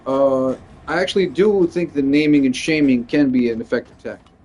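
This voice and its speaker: A man's voice: medium pitch, fairly quick, darkish tone, a little hiss or hum. A male stand-up comedian venting in a casual, rambling monologue, swearing freely and leaning heavily on "like". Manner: rambling, profane, lots of "like".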